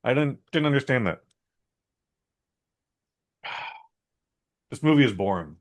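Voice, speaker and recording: A man's voice: medium pitch, animated, takes it slowly. A man co-hosting a podcast, giving a blunt, rambling and opinionated movie review in a casual chat. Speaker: podcast co-host.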